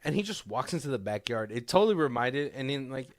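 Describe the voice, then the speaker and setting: A man's voice: mid-range voice, very animated, fast, dry recording, clean studio sound. A man co-hosting a podcast, retelling a movie scene in casual chat, rambling and laughing as he acts out the lines. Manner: rambling storyteller who acts out quoted lines and laughs often. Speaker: podcast co-host.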